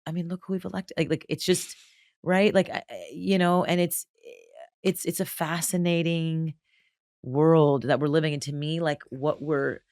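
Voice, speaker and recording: A woman's voice: low voice, steady tone, moderate pace, no room sound, clean studio sound. A woman entrepreneur talking animatedly as a podcast guest, emphatic, restarting and repeating words as she goes. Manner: drops into soft, breathy quoted voices. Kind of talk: casual conversational interview.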